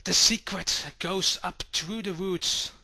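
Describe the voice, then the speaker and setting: A man narrates a fairy tale for children with a bright, sharp voice that sits high. He takes his time over each phrase and puts on lively voices for the townsfolk, in a dry, close recording. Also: vocal fry, dry recording. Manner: slow, expressive, puts on villagers' voices. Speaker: storyteller. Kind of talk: storytelling to children.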